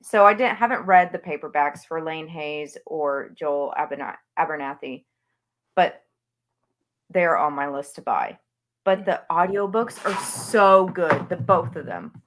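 A woman's voice: low voice, a little slow. A woman author chatting as an interview guest, talking with gushing enthusiasm about books she loves. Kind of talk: casual interview chat.

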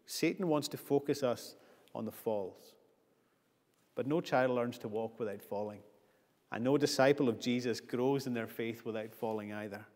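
A man's voice: medium pitch, moderate pace, darkish tone. Earnest preacher man in an echoing church. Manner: earnest, builds with repeated phrases. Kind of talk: sermon. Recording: long church reverb.

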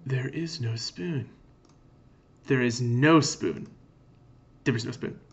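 Cryptic truth-offering stranger, read by a male streamer, slow and solemn, lo-fi mic. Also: medium pitch, close to an everyday voice. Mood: muttering. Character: cryptic man muttering about truth.

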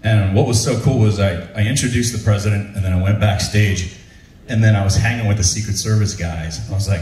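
Brisk and somewhat low-voiced, a male comedic storyteller runs his own show at a ship's venue, performing stand-up stories for a live crowd. He laughs often, stays animated, and acts out quotes. The roomy hall is recorded from a distant mic with faint ambience.

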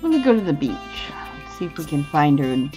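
A woman's voice: sits low, fairly quick. A woman giving casual gameplay commentary, thinking aloud about her choices as she plays. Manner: relaxed, thinks aloud while playing. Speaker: gameplay video host. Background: faint game music.

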